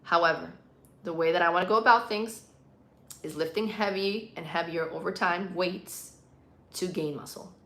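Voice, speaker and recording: A woman's voice: fairly low pitch, moderate pace, a bit bright, echoey room. A young adult woman from a Puerto Rican and Colombian family, casually chatting on a live stream as she reads viewer comments and stresses her words for emphasis. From Puerto Rican and Colombian, living in the US. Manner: puts emphasis on words, bilingual speaker.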